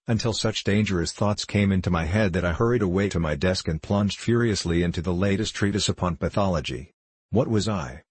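A man narrating an audiobook in a steady, unhurried storytelling manner. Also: deep voice, husky, dry recording. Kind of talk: scripted narration.

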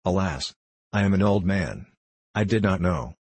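A man voicing an old, gentle Tibetan lama who speaks in slow, formal, archaic phrases. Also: sits low, animated, a little hiss or hum.

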